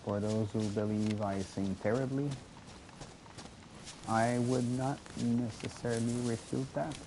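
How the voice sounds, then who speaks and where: Slow, gravelly rambling streamer. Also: male voice, mid-range voice. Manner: rambling, jokey, stammers and repeats words. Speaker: game streamer. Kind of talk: casual gameplay commentary. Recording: noisy with steady background hum.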